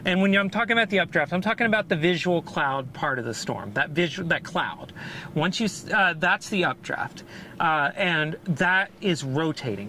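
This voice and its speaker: Breathless male storm chaser, eager explainer, slightly high voice. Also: normal speed, slight background noise. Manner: excited, rambling explanations with laughs. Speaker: storm chaser streaming live. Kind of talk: live-stream explaining weather. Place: in and around a car outdoors during a storm.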